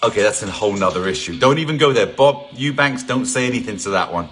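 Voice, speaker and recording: A man's voice: lowish voice, expressive, fast talker, fairly bright tone. A middle-aged man from England hosting a live home workout session, chatting casually, greeting viewers by name and joking. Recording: faint music in the background.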